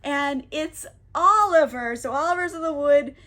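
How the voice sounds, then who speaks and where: A woman with a high, bright voice tells a story in a loose, chatty way. She rambles, sounds exasperated, and keeps breaking into laughter. She talks like someone who is high. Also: a little slow. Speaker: book reviewer. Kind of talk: casual comedic recap.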